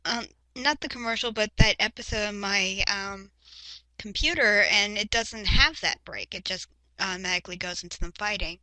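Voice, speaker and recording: A woman's voice: medium pitch, moderate pace, pushed and bright, dry recording, poor audio. A young woman co-hosting a casual fan chat, sharing show trivia with lots of fillers. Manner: chatty, shares trivia with hesitant fillers. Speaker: podcast co-host.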